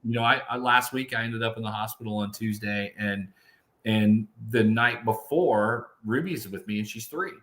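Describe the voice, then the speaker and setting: A man's voice: lowish voice, normal speed, a bit bright, slight background noise. A man in his fifties, co-hosting a podcast, talking in an emphatic, motivational way. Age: 50s. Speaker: podcast co-host. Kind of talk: casual chat.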